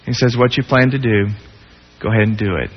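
Preaching man in a reverberant hall. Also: brisk. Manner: dramatic, swings between hushed low tones and raised pleading. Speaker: pastor. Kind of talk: sermon. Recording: dull lo-fi sound with long hall reverb.

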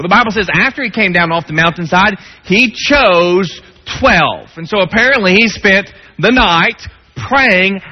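A man preaching a sermon, dropping to hushed low tones and rising to raised pleading. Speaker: pastor. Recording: dull lo-fi sound with long hall reverb.

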